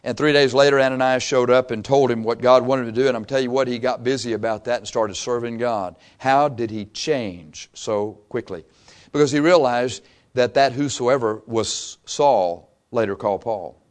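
A man preaching a sermon, impassioned and emphatic, swinging from loud peaks to quiet asides and repeating phrases for emphasis. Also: medium pitch, normal speed.

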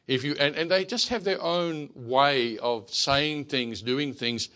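A man's voice: medium pitch, a little slow, hardly any pauses, fairly bright tone. A man with an Australian accent giving a sermon and telling stories about missionary life, often repeating words as he starts a sentence. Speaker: missionary preacher.

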